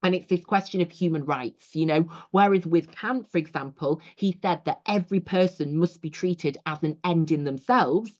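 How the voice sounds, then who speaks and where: Lower-voiced woman teaching a lesson, lo-fi. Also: normal speed, few pauses, a little mellow. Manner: explanatory, frequent 'you know' asides. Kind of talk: recorded lecture over slides. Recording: dull lo-fi audio.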